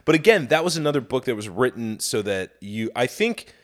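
A man co-hosting a podcast, talking casually with lots of swearing and animated storytelling. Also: mid-range voice, a little fast. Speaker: podcast co-host. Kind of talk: casual chat.

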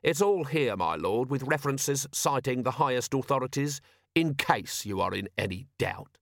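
A man voicing a gruff middle-aged watch commander who talks in a dry, sarcastic, streetwise way. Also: medium pitch, animated, moderate pace, dry recording. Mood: sardonic.

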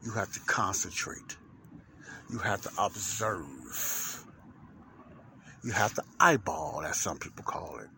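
A man's voice: deep voice, expressive, slow pace, creaky, pauses often, sharp tone, slight background noise. Rambling man podcasting from a truck. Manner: rambling, repeats phrases, many fillers. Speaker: podcast host. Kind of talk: casual spoken podcast monologue. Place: inside a parked truck.

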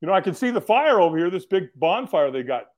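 A man as a podcast guest, telling a story in a casual, animated way, acting out other people's lines, laughing often and swearing now and then. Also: high-pitched, fast.

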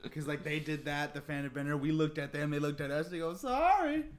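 A man's voice: fairly high pitch, level tone, quick pace, a little hiss or hum. A young man taking part in crude podcast banter, a little hesitant.

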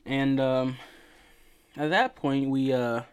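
Male podcast host, sleepy and yawning; slow, smooth delivery; rambling, profane game recap. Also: mid-range voice. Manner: rambling, swearing, many fillers and restarts. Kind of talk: casual video game story recap.

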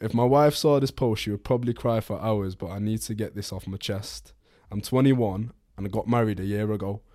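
A man's voice: fairly low pitch, brisk, a little mellow, no echo, studio quality. Young man reading a post aloud. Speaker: podcast co-host.

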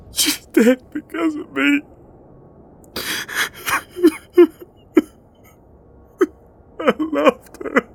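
An actress playing a bitter, hungover female captive who is worn out and sharp-tongued in an audio drama. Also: a bass voice, husky, full character voice. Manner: curt, bitter, breaking into sobs. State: hungover and weary.

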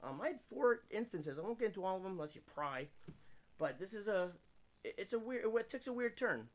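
A man from Pennsylvania tells crude, self-mocking anecdotes at a rapid clip, his voice pitched a little above the usual. He rambles like a comedian guesting on a casual podcast, talking indoors. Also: sing-song. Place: indoors room.

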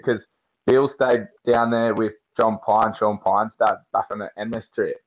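A man's voice: fairly low pitch, level tone, moderate pace, low-quality recording. A young Australian man chatting as a podcast guest, swearing freely and telling slangy stories. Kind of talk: casual chat.

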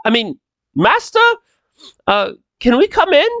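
A man voicing a nervous, eager male servant in a very high voice. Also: very animated, unhurried, fairly bright tone, dry recording, dull audio, heavily acted.

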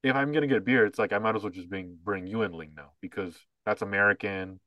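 A man with a fairly low voice co-hosts a podcast, talking a little fast in loose, casual conversation full of fillers, crude language and bluntness. Quoting others, he slips into mocking voices. The audio sounds dull, without room sound.

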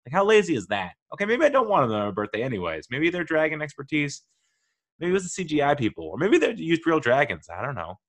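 A man's voice: fairly high pitch, wildly swooping pitch, quick pace, fairly bright tone. A young man hosting his own podcast, talking in a playful, self-mocking way with rambling asides. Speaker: podcast host. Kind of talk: casual solo podcast monologue.

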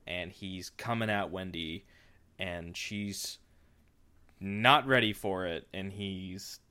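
A man retells a story for his podcast in a loose, rambling way, stopping and restarting his sentences as he goes. His voice is low and smooth. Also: slow, bright, forceful tone. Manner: rambling, with frequent fillers and restarts. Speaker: podcast host. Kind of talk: casual story recap.

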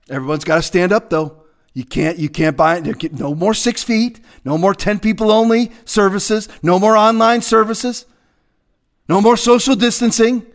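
A man preaching as a pastor in a fiery, confrontational rant, swinging between shouting and hushed asides. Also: sits high, fairly even intonation, normal speed.

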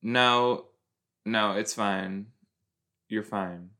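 A young podcast host with a fairly low, bright and forceful voice draws out his words in a steady tone. Watching an episode, he offers chatty running commentary that rambles with fillers and pokes fun at himself.

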